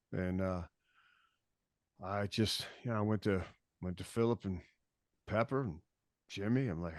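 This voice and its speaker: A man's voice: sits low, no room sound, studio quality. A man, a podcast guest and touring musician, telling stories in laid-back casual chat with frequent restarts and swearing.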